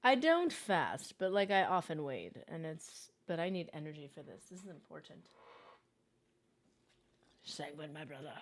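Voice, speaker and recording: A young adult woman hosting a casual gaming livestream, chatty and excitable, reading chat aloud and reacting. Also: low voice, moderate pace, long pauses. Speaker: livestream host.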